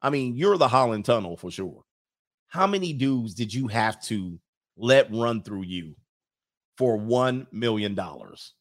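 A man's voice: medium pitch, lively intonation, a little slow. A man hosting a livestream, reading chat comments and mocking them in a brash, joking way.

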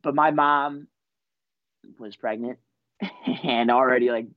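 A man's voice: medium pitch, steady tone, takes it slowly, dry recording, highs cut off. A young man in his twenties, a wrestler being interviewed, telling his story in a laid-back, rambling way full of fillers. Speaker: wrestler guest.

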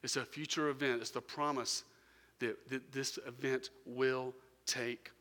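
A man preaching a sermon, telling a story and swinging from quiet, low passages to loud, raised bursts. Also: little pitch movement, measured pace. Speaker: pastor. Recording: long hall reverb.

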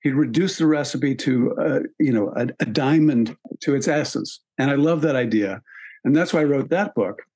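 A man speaking as a guest on a conversational podcast. His voice sits at a middling pitch, and he thinks aloud with plenty of ums and small restarts. His delivery is relaxed and unhurried. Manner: thoughtful, with frequent ums and restarts. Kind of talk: relaxed conversational interview talk.

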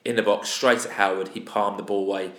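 A man with a fairly low voice talks through a football match for a fan podcast, getting exasperated as he airs his opinions. His voice bounces around a roomy space with a noticeable echo. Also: steady tone, a little fast, fairly bright tone. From England. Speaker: podcast co-host. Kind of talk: casual match review chat.

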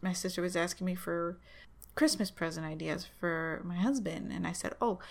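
A woman's voice: fairly low pitch, fairly even intonation, normal speed, creaky. Easygoing woman chatting. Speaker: podcast co-host. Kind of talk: casual chat.

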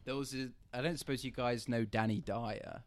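A man's voice: medium pitch, steady tone, moderate pace, dry recording. A man chatting casually on a podcast, rambling with lots of fillers. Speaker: podcast co-host. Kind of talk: casual chat.

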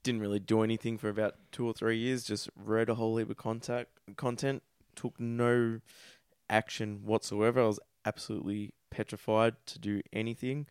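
A man's voice: on the low side, clear, resonant tone, no room sound, clean studio sound. A man with an Australian accent, a podcast guest telling his story in a candid, crude and self-deprecating way.

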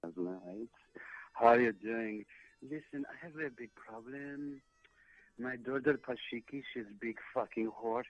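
A man's voice: mid-range voice, measured pace, no room sound, lightly acted. A man putting on a foul-mouthed shopkeeper on voicemail. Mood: complaining. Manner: crude, blunt, swears casually. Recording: muffled voicemail playback.

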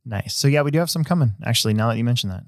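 A man hosting a casual podcast, talking in a rambling, relaxed way with many fillers and restarts. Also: medium pitch, very fast, dry recording, studio quality. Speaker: host; hobby shop owner.

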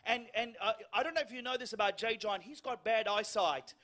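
A man with a high, bright, ringing voice delivers a sermon to his congregation. He tells funny stories about himself with lively energy, and he sounds middle-aged. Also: a little fast. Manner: animated storytelling with self-deprecating humor. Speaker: guest preacher.

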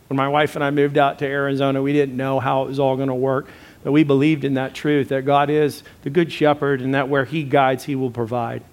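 Pastor, male, slightly raised pitch, emphatic preacher who repeats lines and addresses the congregation directly. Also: normal speed. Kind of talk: sermon.

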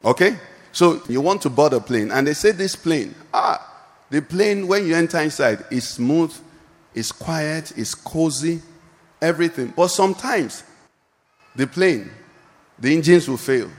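A man's voice: a little high, expressive, a little slow, big-room sound. A male pastor preaching a sermon and calling out questions for the congregation to answer. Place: church hall.

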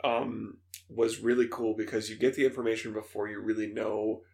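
A young man co-hosting a gaming podcast, chatting casually and excitedly with many fillers. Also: lowish voice, normal speed, creaky. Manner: excited, fillers, laughs, imitates voices. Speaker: podcast co-host. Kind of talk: casual chat.

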